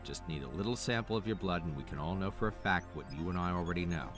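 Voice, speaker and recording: An actor playing a blunt male crew member in a horror game, talking brisk and matter-of-fact. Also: deep voice, over music, lightly acted. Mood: reassuring. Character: male crew member of a storm-trapped search team, blunt.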